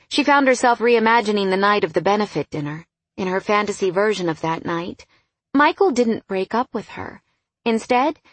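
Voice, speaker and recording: A woman reading a novel aloud in an even, storytelling narration. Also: medium pitch, no echo. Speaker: audiobook narrator. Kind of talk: scripted narration.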